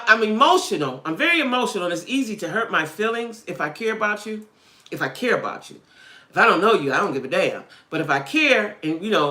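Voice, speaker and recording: This woman has a lowish voice with a sharp tone, and the room sounds spacious around her. She hosts a live chat with her viewers about dating, talking bluntly and with street smarts while constantly checking in with "right?" and "you know what I'm saying?"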